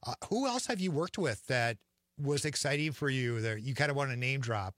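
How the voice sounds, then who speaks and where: A man hosts an interview, asking friendly questions and restarting his sentences now and then. His voice is bright and mid-pitched, and it sounds dry and close to the mic. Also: expressive, moderate pace, dry recording. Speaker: interview host. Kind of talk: interview chat.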